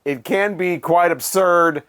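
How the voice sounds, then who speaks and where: A man's voice: high-pitched, slow, a bit bright, clean tone. A man casually reviewing old albums, rambling and joking, correcting himself as he goes. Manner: rambling, self-correcting, jokey. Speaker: music reviewer.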